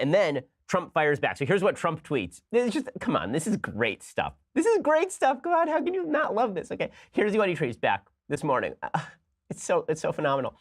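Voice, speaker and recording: A man hosting a political commentary show, talking fast and sarcastically and breaking into laughs. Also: medium pitch, a bit bright. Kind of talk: casual comic commentary.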